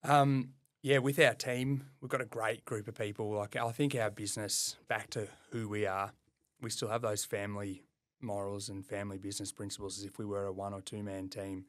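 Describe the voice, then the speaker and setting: A man's voice: on the low side, moderate pace, dry recording. Laid-back Australian man, dry close mic. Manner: relaxed, self-deprecating, rambling with restarts. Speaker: podcast co-host, plumbing business owner. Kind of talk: casual podcast chat.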